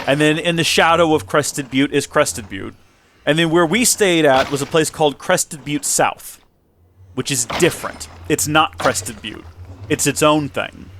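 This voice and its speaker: A man's voice: on the high side, a bit bright, a little hiss or hum. Rambling American man chatting casually. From United States. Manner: rambling, self-correcting, emphatic asides. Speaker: channel host. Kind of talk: casual vlog chat.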